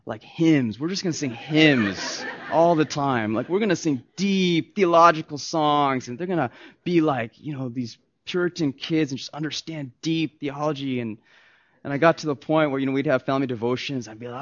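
A pastor preaching a sermon, emphatic and swinging from soft asides to loud stressed points. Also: male voice, fairly high pitch, moderate pace. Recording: dull lo-fi recording.

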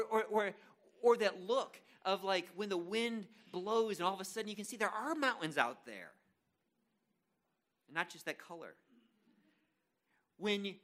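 A man delivers a sermon to his congregation in a casual, joking manner, often restarting his sentences. His pitch swings widely, and his tone is bright. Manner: conversational, self-deprecating, frequent restarts. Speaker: pastor.

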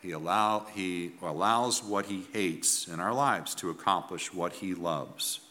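A man preaching in an earnest, emphatic way, pausing and restarting as he drives each point home. His voice is low and bright, and he speaks slowly. Long reverb from the hall trails behind his words. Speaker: pastor. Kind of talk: sermon.

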